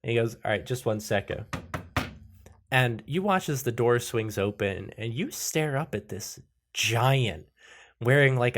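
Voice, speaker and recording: A man with a mid-range, fairly bright voice runs a tabletop role-playing game as game master. His narration is loose, and he swears, laughs, and suddenly breaks into character voices.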